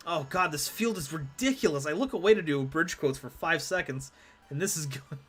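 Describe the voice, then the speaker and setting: A man's voice: fairly high pitch, expressive, normal speed, fairly bright tone, slightly rough, soft background music. A man streaming a card game live, rambling and self-deprecating as he chats with his viewers. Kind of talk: live gameplay commentary.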